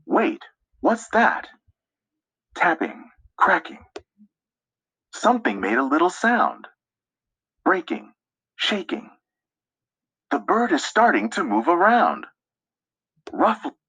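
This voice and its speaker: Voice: mid-range voice, very animated, takes it slowly, pauses often, bright, forceful tone, husky, no room sound. A reader giving a children's picture-book read-aloud in a sing-song way, imitating the bird calls. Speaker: storybook reader.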